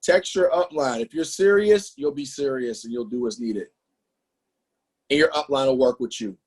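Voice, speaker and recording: A man leading a motivational sales training, emphatic and animated, throwing out rhetorical questions and slang. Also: medium pitch, moderate pace, slightly rough. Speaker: business trainer presenting to a team.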